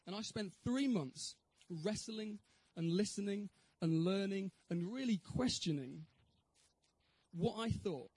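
A man's voice: high voice, lively intonation, takes it slowly, darkish tone, breathy edge, no echo, poor audio. A man giving an evangelistic talk with his personal testimony, earnest and posing questions to the audience. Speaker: speaker giving a Christian talk.

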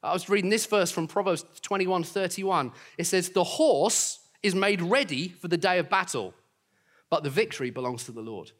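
A man's voice: high voice, moderate pace, a bit bright. A man preaching a sermon as pastor to his congregation, upbeat and confident, with friendly asides. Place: church auditorium.

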